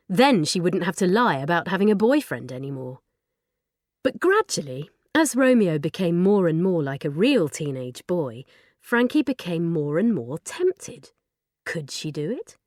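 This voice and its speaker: A woman narrating a children's storybook in an expressive, lively way. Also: on the low side, no room sound, studio quality. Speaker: audiobook narrator.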